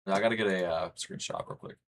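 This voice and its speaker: A man's voice: low voice, fast talker, slight background noise. A young man from the United States chatting casually with his livestream chat, rambling and reading messages aloud. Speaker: streamer.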